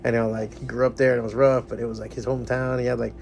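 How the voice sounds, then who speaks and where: A man in relaxed conversation, swearing a lot and breaking into impressions of others. His voice sits in a middle pitch. Faint shop ambience and a little noise run underneath. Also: very fast, creaky. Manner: profane, laughs often, mimics people in anecdotes. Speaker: podcast host. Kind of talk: casual chat. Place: comic shop.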